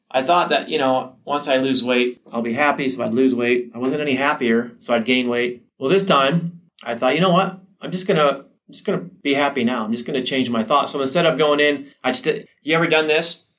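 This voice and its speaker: A man's voice: mid-range voice, steady tone, brisk, a bit bright. A middle-aged man talks to fellow teachers in a loose, conversational way, his voice sitting in an ordinary middle range. He stumbles and repeats words as he goes, and slips into his own inner voice to act out the thoughts he describes. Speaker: teacher giving advice to other teachers. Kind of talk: casual motivational talk to camera.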